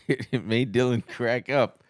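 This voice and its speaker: A man co-hosting a podcast, telling animated stories in casual chat and mimicking other people's voices. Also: mid-range voice, no echo. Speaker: podcast co-host.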